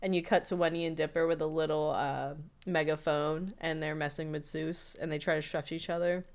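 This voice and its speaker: A woman's voice: low-pitched, fairly even intonation, brisk. A woman co-hosting a podcast, chatting casually through an episode recap with lots of "like" fillers. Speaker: podcast co-host.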